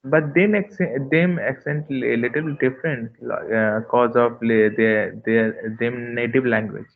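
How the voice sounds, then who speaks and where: A man, a student in an online class, speaking in a halting, hesitant way. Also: mid-range voice, steady tone, vocal fry, phone-quality sound.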